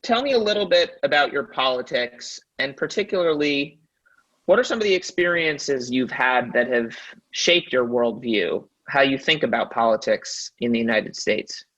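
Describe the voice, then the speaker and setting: A man's voice: mid-range voice, lively intonation, fairly bright tone. Earnest male podcast host, dull audio. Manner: earnest, measured and articulate. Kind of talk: podcast interview.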